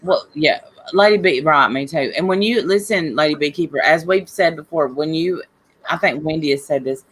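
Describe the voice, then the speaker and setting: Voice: mid-range voice, moderate pace, a bit bright. A host in casual chat, agreeing and offering support.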